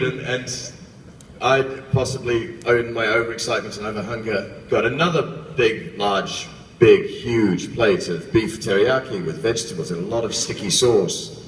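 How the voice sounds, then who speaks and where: A man's voice: mid-range voice, steady tone, normal speed. A man on a convention panel, telling a wry, self-mocking story to the crowd. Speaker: panel guest actor. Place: large convention hall. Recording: echoey hall, distant mic, background noise.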